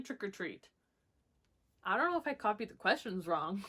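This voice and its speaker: A woman's voice: mid-range voice, big pitch swings, normal speed, long pauses, bright, forceful tone, husky. A young woman talks casually about books, rambling and filling her sentences with likes and ums. Her delivery is bubbly and enthusiastic, with a middle-range voice that sounds like she is chatting from home. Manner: chatty and rambling, with many "like" and "um" fillers. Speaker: book vlogger. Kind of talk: casual chat, answering a book tag.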